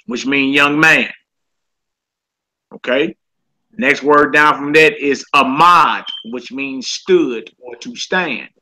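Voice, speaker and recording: A man's voice: on the high side, pushed and bright, poor audio. A man teaching a casual Hebrew vocabulary class. He often checks in with "all right?" and repeats each word.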